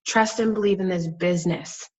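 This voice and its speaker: A woman's voice: fairly low pitch, fairly even intonation, normal speed, a little mellow, muffled recording. A young adult woman, pregnant and close to tears, giving an earnest, emphatic motivational talk over a video call from a friend's house. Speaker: guest network-marketing coach.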